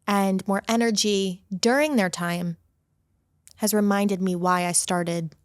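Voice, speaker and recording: A woman's voice: medium pitch, slow, dry recording. A young woman esthetician and studio owner giving upbeat advice in a casual podcast interview.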